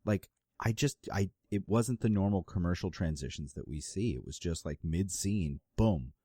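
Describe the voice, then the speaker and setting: A very deep-voiced man talks casually on a podcast, picking things apart with dry, critical humor. His voice is recorded close and dry. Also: animated, normal speed, dark tone, breathy edge, no room sound. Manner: critical, nitpicking, wry. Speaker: podcast co-host. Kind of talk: casual chat.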